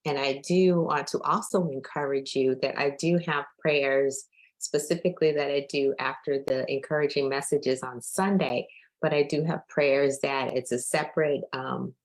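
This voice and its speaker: A woman's voice: low-pitched, low-quality recording. A woman faith coach leading a live-streamed daily prayer, speaking conversationally, welcoming listeners and repeating her invitations, with some fillers. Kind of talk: live-streamed devotional talk.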